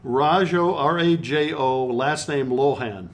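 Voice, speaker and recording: A middle-aged man co-hosts a relaxed live stream, bantering with his partner and reading out viewer comments. His tone is playful and teasing, with a mid-range voice. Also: mid-range voice, takes it slowly. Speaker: co-host of a live stream show. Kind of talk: casual joking live-stream chat.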